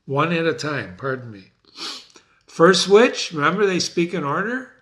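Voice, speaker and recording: A man's voice: a little high, big pitch swings, measured pace, fairly bright tone. A man teaching a play, who keeps turning to the listener with questions and rephrases quotes in plain words. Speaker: literature teacher. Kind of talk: lecture on a play.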